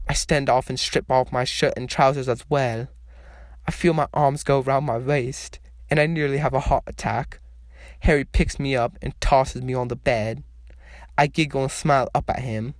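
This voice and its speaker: A man reading fan fiction aloud as a storyteller, in a slow, measured way. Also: mid-range voice, steady tone, no echo, studio quality.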